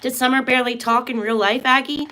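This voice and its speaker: A woman's voice: sits high, steady tone, quick pace, sharp tone, a little hiss or hum. A woman hosting a tarot and astrology livestream, talking casually in an earnest, emphatic way, rambling and restarting her sentences often.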